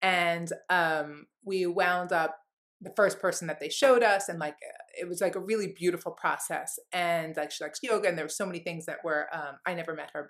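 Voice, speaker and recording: Telling a personal story as a guest in an interview, this woman is candid, earnest and heartfelt, rambling and leaning heavily on "like." Her voice sits on the low side with a bit of brightness.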